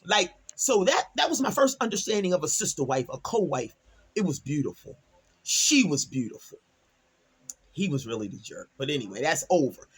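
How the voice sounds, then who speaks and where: With a deep, husky voice at normal speed, a middle-aged storytime vlogger from Delaware, USA, recounts something that happened to her. The delivery is casual and animated, with quoted lines acted out through emphatic exclamations.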